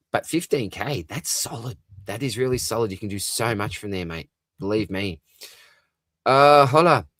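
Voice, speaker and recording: Recorded cleanly in a studio with no echo, this livestream host speaks in a fairly low voice. He's Australian, cheerful and relaxed, quick to laugh as he goes through comments from his audience.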